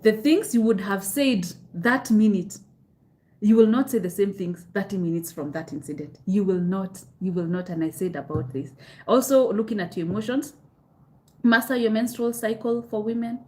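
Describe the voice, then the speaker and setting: A young woman with a Kenyan accent talks to viewers on a live stream in a candid, chatty way. She answers their comments, keeps coming back to the same advice and slips Swahili phrases into her speech. Her pitch sits in the middle range. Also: moderate pace, mellow. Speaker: host of a live self-help session.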